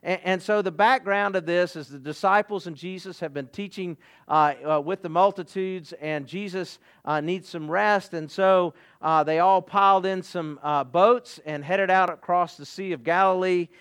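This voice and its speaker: Male pastor, high voice, earnest sermon delivery, halting with restarts. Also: fairly even intonation, a bit bright, clean tone.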